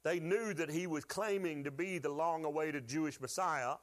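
A man's voice: a little high, moderate pace. A man preaching a sermon to his church, folksy and joking, asking the congregation to call out answers. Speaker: pastor.

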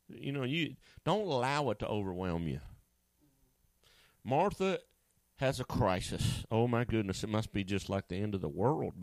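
Male pastor, lively swooping delivery, dry booming close-up sound, jokey asides. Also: no echo. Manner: animated, acts out voices with sudden high pitch jumps; conversational and joking, with asides to a co-host. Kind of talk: sermon.

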